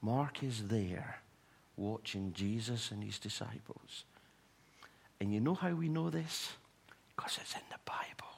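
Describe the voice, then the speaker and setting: A man preaching a sermon, retelling stories in an animated way with humorous asides to the congregation. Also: lowish voice, creaky. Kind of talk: sermon storytelling.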